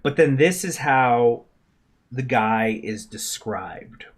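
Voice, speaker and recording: A man's voice: mid-range voice, slow, breathy edge. Man, gaming host, live strategy game commentary, eager rambling, lots of fillers, mid-range voice. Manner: excited, rambling, many restarts and fillers.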